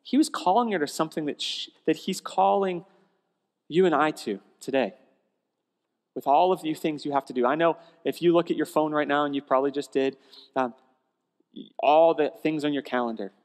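A male pastor preaching a sermon in a conversational, animated storytelling way, often restarting phrases, in a church sanctuary. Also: fairly high pitch, normal speed. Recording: long church hall reverb.

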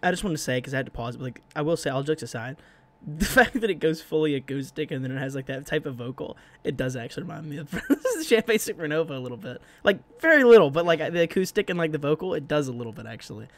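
A man's voice: on the high side, lively intonation, fast, fairly bright tone. A man hosting a music reaction video, joking, swearing and laughing often in casual chat.

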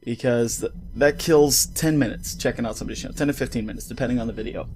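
A man's voice: mid-range voice, fast, a little mellow, slight background noise. A man ranting in a casual vlog on a studio mic with a pop filter, heated, profane and rambling. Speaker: gaming YouTuber. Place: home recording setup.

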